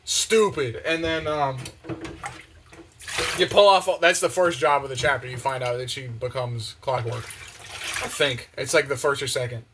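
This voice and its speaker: A young man chatting casually and excitedly, full of slang and fillers, while doing the dishes in his kitchen. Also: medium pitch, unhurried, noisy background. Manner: excited, slangy, many fillers, acts out quotes. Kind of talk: casual rambling monologue. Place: home kitchen with open windows.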